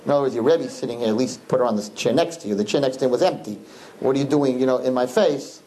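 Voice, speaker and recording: A man, a rabbi, telling his students a story in an animated, repetitive way, with Hebrew and Yiddish words mixed in. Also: medium pitch, quick pace, a little hiss or hum, rough recording. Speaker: rabbi teaching a class.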